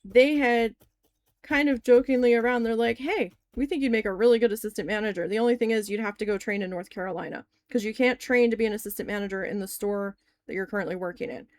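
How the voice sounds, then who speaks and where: A woman's voice: on the high side, fast talker. A woman in her forties, chatty and long-winded, telling a story in a casual crafting vlog and swearing when annoyed. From New Jersey. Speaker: crafting vlogger.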